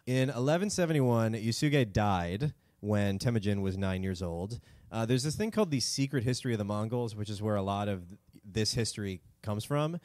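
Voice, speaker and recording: A man's voice: lowish voice, animated, normal speed, darkish tone, no echo, clean studio sound. A man co-hosting a casual comedy history podcast, joking and rambling, swearing freely, feeling cold. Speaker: podcast co-host.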